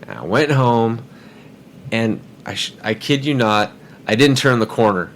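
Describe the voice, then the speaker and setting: A man's voice: medium pitch, animated, unhurried, fairly bright tone, slight background noise. Rambling man telling a car story. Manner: rambling, with stammered repeats. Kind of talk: casual storytelling.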